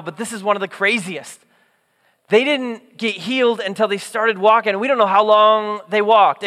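A young male pastor with a high-sitting voice preaches a sermon, telling a story animatedly and acting out the voices of its characters. A long hall reverb trails his words.

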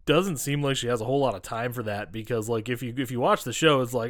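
A man co-hosting a podcast in casual chat, animated, swearing freely and acting out characters' lines as he recaps. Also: mid-range voice, quick pace, no echo, clean studio sound. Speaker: podcast co-host.

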